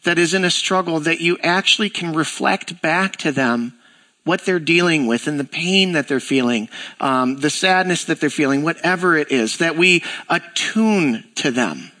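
A man's voice: a little high, moderate pace. A pastor giving a sermon in a church, talking conversationally and acting out the voices in his stories. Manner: conversational, animated storytelling with acted-out dialogue.

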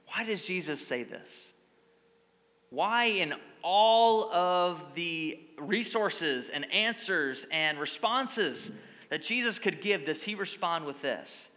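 A man's voice: high-pitched, expressive, slow, pushed and bright, in a large hall. A male pastor giving a sermon in a church, conversational and emphatic. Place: church sanctuary.

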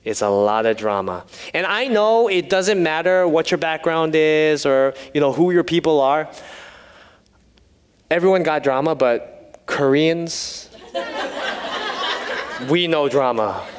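A man's voice: on the high side, very animated, takes it slowly, pauses often, clear, resonant tone, big-room sound. A man preaching a sermon, telling stories with humor and then turning earnest. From United States. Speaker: pastor.

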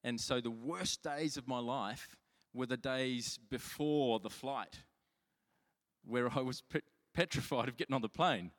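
In a medium-pitched voice at a measured pace, a man preaches as pastor in a space with long hall reverb. His storytelling is casual and self-mocking, marked by frequent restarts.

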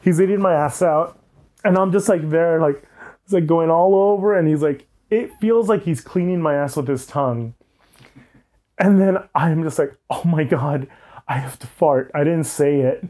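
A man's voice: a little high, normal speed, mellow. A young man telling a candid personal story, frank and often laughing, with many "like"s. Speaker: guest.

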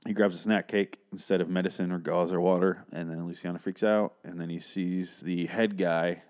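A man's voice: deep voice, steady tone, moderate pace, darkish tone. A man casually recapping a TV episode, rambling with profane, sarcastic asides. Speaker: show recap host.

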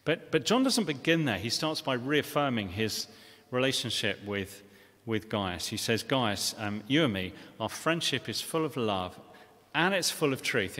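A man's voice: mid-range voice, animated, unhurried, fairly bright tone. Preacher man in an echoing church. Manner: earnest, with frequent restarts and rhetorical questions. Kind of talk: sermon. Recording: long reverb of a church hall.

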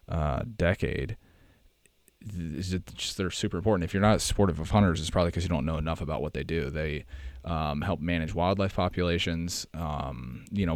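Deep-voiced American man rambling casually. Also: no room sound. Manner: rambling, self-correcting, chatty. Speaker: podcast host. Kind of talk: casual monologue.

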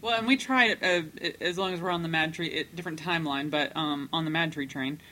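A woman's voice: deep voice, fast, sharp tone. A woman in a casual group chat, speaking with enthusiasm and describing things in detail. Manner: enthusiastic, descriptive, laughs easily.

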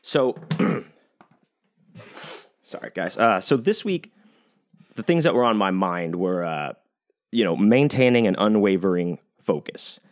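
A man's voice: fairly low pitch, animated, unhurried, pauses often. A man hosting a podcast on his own, talking casually and rambling, with lots of swearing and fillers. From United States. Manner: rambling, profane, many fillers and restarts. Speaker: podcast host. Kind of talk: casual solo podcast monologue.

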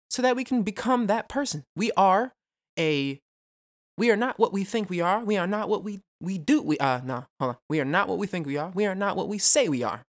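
A young man hosting a solo podcast, talking fast and casually with a lot of swearing, rambling off on tangents and throwing in self-mocking jokes. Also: sits high. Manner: rambling, profane, goes off on tangents; jokey, self-mocking asides. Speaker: podcast host.

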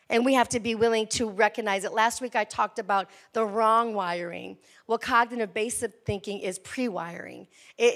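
A woman pastor in her forties preaches an energetic, conversational sermon, often calling out to the congregation, in a voice pitched a little high.

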